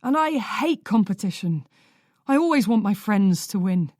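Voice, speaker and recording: A woman reading a desperate, reckless man who pleads and insists, a little higher and louder than her narration. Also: lively intonation, moderate pace, no echo, clean studio sound, natural voice. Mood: insistent.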